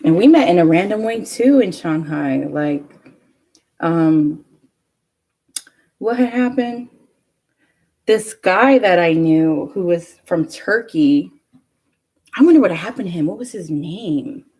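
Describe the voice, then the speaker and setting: A woman's voice: on the low side, lively intonation, slow pace, long pauses, warm tone, husky, low-quality recording. A young woman telling a rambling story in a casual vlog, with lots of fillers. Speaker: vlogger. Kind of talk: casual chat.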